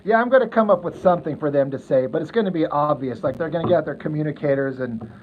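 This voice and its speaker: A man's voice: fairly high pitch, quick pace. A man chatting casually with his livestream viewers while sketching, rambling and poking fun at himself, chuckling at his own jokes. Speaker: livestreaming artist answering chat. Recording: tinny phone-like audio with faint noise.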